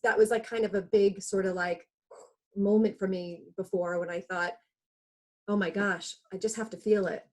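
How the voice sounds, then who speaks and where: A woman co-hosting a casual chat on a video call, talking reflectively with many fillers and restarts. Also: lowish voice.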